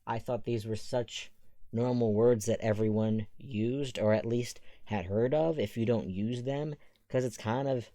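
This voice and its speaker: A man's voice: mid-range voice, a little slow, dark tone, no echo. A man chatting casually over a voiceover at home, rambling from one side topic to the next. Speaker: Sims speed-build creator.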